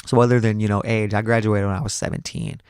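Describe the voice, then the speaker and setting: A man's voice: on the low side, level tone, fast, darkish tone, clean tone, no room sound, clean studio sound. A man in his thirties hosting a podcast, telling a rambling, profane story with frequent restarts. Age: 30s. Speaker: podcast host. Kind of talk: casual storytelling.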